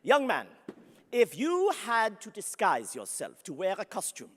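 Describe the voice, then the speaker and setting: A man's voice: high-pitched, wildly swooping pitch, unhurried, a little hiss or hum, heavily acted. A man playing an ardent, flamboyant young French nobleman, telling his story grandly to the audience and laughing often. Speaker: historical character interpreter. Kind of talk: theatrical first-person historical storytelling. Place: large convention hall before an audience. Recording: long reverb of a large hall.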